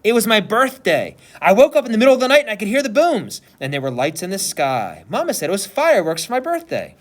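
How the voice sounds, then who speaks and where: A man's voice: sits high, sing-song, quick pace, pitched above the performer's own voice. A man voicing a stubborn, whiny five-year-old girl in a read-aloud story, wailing and insisting. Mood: insistent. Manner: wailing, belligerent, sing-song.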